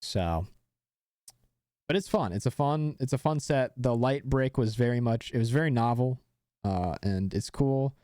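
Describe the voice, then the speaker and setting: Young man, live streamer, warm mellow voice, dry close sound, rambling casual chat. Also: mid-range voice, lively intonation, a little slow, no room sound. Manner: rambling, many fillers and restarts.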